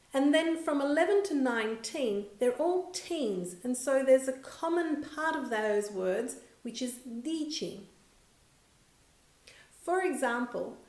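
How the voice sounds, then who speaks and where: A woman with a fairly high voice gives a scripted grammar lesson at an unhurried pace. She says each example word slowly and deliberately, taking care with every syllable. The voice carries a noticeable roomy echo. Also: darkish tone. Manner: slow, clear, careful enunciation of example words. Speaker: language teacher.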